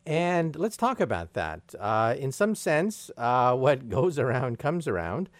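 A man interviews a guest, putting his questions with curiosity. His pitch moves a lot. The recording is dry and close. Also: big pitch swings, takes it slowly, no room sound. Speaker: radio interviewer.

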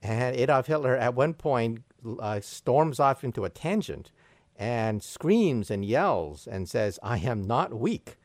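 A man's voice: medium pitch, very animated, takes it slowly, a little mellow, no echo, clean studio sound. A man hosting a radio interview, asking questions in an inquisitive way.

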